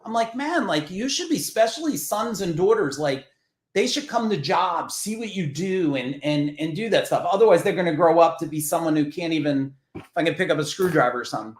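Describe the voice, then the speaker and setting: Animated, profane New man. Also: fairly high pitch, fairly quick, reverberant. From New Jersey. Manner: animated, profane, acts out quoted voices. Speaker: podcast guest, business coach. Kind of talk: casual interview storytelling.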